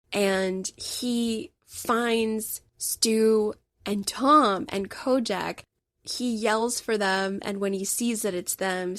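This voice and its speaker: A woman's voice: medium pitch, dry recording. A woman hosting a podcast alone, chatting with her listeners in an enthusiastic, opinionated way. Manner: chatty, addresses listeners as guys. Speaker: podcast host. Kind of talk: casual solo podcast review.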